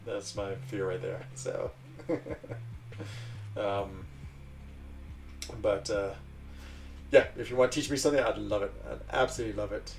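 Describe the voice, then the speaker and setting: A man's voice: on the low side, fairly even intonation, measured pace, creaky, pauses often, distant mic, soft background music. Rambling, laugh-prone male streamer. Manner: rambling, chatty, laughs often. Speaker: livestream host. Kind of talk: casual livestream chat.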